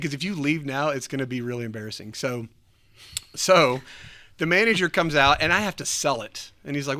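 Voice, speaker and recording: A man telling a story in a casual chat, animated, laughing often and acting out what people said. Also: fairly high pitch, brisk. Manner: animated, acts out quoted voices, laughs often. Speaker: church podcast host.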